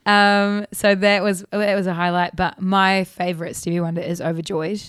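A woman, a singer telling stories in a casual interview, animated and laughing often. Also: fairly low pitch, a little fast, clear, resonant tone, no room sound, clean studio sound. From New Zealand. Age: 30s. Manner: chatty and animated, laughs often, many fillers. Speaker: singer guest.

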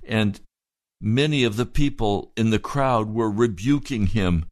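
A male pastor preaching a sermon, retelling a story in deliberate short phrases. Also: lowish voice, dry recording, studio quality.

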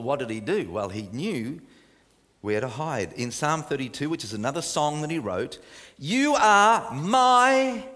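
A man preaching a sermon, moving from emphatic, raised delivery down to soft, hushed near-whispers. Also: medium pitch, long reverb tail. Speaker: pastor.

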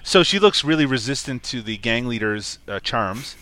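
A man co-hosts a casual movie podcast with an amused, animated delivery. His voice swings lively through its pitch and sounds bright, and the recording is dry and close. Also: normal speed, no echo. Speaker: podcast co-host. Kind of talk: casual chat about a movie.

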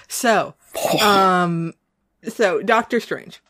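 A woman with a New England accent, chatting as a podcast co-host. Her tone is wry and easygoing, and her pitch sits in the middle of her range. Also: unhurried. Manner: relaxed, wry, introduces the episode. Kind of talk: casual podcast chat.

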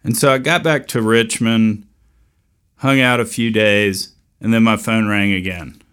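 A middle-aged man with a fairly low voice hosts a podcast and tells a long story. He keeps a dry, wry, deadpan manner throughout. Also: unhurried, smooth. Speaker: podcast host. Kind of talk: storytelling monologue.

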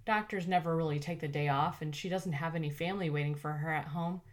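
A woman's voice: low-pitched, quick pace, natural voice. Woman reading a direct young investigator. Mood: matter-of-fact. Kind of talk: audiobook character voice.

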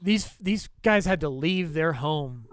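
Excitable, profane podcast host man. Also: on the high side, takes it slowly, no echo. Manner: excitable, swears freely, acts out movie lines. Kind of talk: casual film podcast chat.

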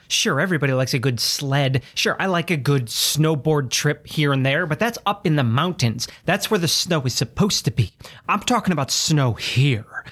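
A man's voice: fairly high pitch, fairly bright tone. A man from Chicago hosting a comedy podcast, ranting in an exasperated, emphatic way about small annoyances. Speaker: podcast host. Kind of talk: comedic rant.

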